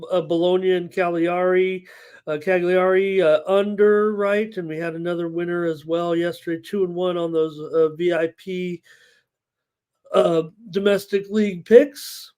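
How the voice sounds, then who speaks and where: Reading viewer chat aloud and filling his casual talk with fillers, this sports betting show host runs a live stream. He has a high voice that is clear and resonant.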